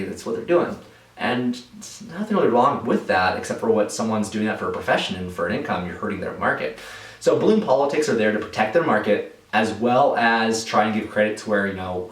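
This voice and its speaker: A fairly low-voiced man talking through viewer questions in a casual vlog, rambling with many fillers and restarts. His voice rings in an echoey room and sits some distance from the mic. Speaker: balloon artist answering viewer questions.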